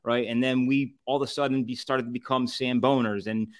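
A man chats loosely as a podcast guest, his voice sitting at an ordinary middle pitch. He rambles through stories with plenty of fillers, restarts and laughter. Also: steady tone, a little fast. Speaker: podcast guest, co-founder of a food review group. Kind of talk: casual storytelling chat.

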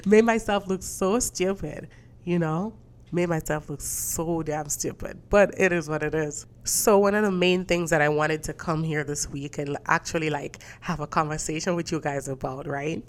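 A young woman with a deep, low-set voice hosts her own podcast, chatting casually. She sounds stuffy from a cold and tells stories in an animated way, acting out the dialogue and swearing freely. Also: a little slow. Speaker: podcast host. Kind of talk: casual solo podcast chat.

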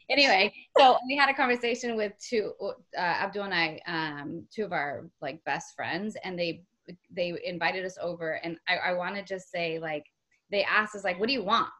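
A woman's voice: fairly low pitch, moderate pace, fairly bright tone. A woman hosting a podcast, chatting casually and effusively, easily moved to emotion. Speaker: podcast host. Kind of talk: casual interview chat.

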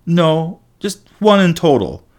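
A man's voice: a little high, big pitch swings, slow pace, pitched above the performer's own voice. A man voicing a confident teenage girl who speaks in a matter-of-fact way.

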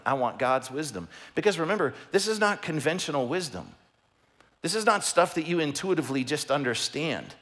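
A middle-aged man with a medium-pitched voice preaches a sermon as a pastor. He's passionate and emphatic, frequently raising his voice nearly to a shout.

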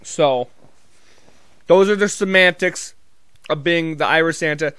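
A man's voice: on the high side, unhurried, a bit bright, smooth, dry recording. A man vlogging in a casual comedic monologue, telling rambling, profane, jokey stories.

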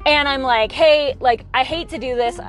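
Podcast co-host, woman, high voice, salty storyteller, faint music under the talk. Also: moderate pace. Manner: profane storyteller, acts out both sides of a story. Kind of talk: casual chat.

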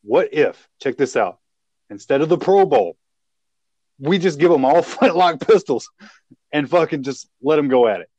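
A young man co-hosting a podcast, an excitable storyteller who laughs and swears a lot in casual chat. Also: on the high side, normal speed, dry recording. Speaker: podcast co-host.

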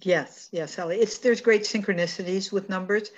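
A woman's voice: medium pitch, moderate pace, muffled recording. A woman hosting a spiritual talk, speaking in an earnest, affirming way and often repeating phrases. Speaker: host, numerology speaker. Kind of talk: spiritual talk show chat.

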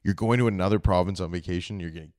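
A man's voice: sits low, racing, a little mellow, no echo, studio quality. A young man from Canada hosting a comedy podcast, talking in a blunt, profane, joking way. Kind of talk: casual podcast chat.

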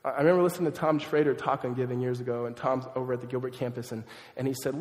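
A man pastor giving a sermon in a conversational, animated way, with casual asides. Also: mid-range voice, racing. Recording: echoey hall, long reverb.

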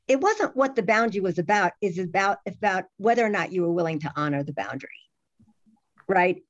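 A middle-aged woman talking in a casual chat, animated, with many restarts and fillers. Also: lowish voice. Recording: dull lo-fi sound.

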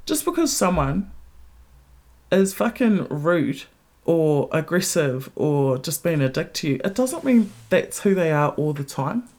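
A woman hosting a podcast who tells a story in a casual monologue, blunt, candid and full of swearing, and grows more animated as she goes. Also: unhurried. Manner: blunt, heavily profane, candid; animated retelling with rising pitch. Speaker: podcast host.

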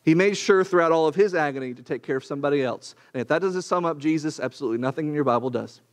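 An earnest man leads a Bible class in a sermon-like, conversational way. He leans on rhetorical questions and repeats his points. His voice sits a little high for a man. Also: rapid-fire. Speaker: preacher teaching a Bible class.

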